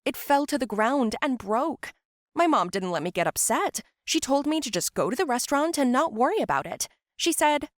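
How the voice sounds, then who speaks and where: A woman's voice: a little high, dry recording, clean studio sound. A woman narrating a first-person story and voicing all the other characters herself.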